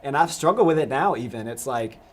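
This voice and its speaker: A man's voice: medium pitch, a little fast. Rambling young man hosting a youth show. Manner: relaxed, rambling, many restarts and "like". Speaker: youth pastor host. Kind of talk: casual live discussion.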